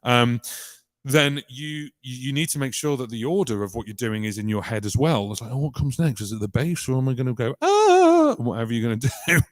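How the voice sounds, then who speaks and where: This chatty UK channel host teaches looping on a relaxed live stream, speaking a little fast in a mid-range voice, full of ums and false starts. The recording is dry, captured with a vocal mic run through a vocal effects unit.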